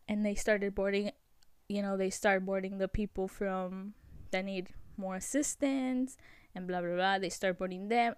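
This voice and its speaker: A woman's voice: mid-range voice, clean tone, no room sound, studio quality. Chatty young woman telling a story. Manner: chatty, animated storytelling with many fillers. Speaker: vlog host. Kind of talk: casual storytelling vlog.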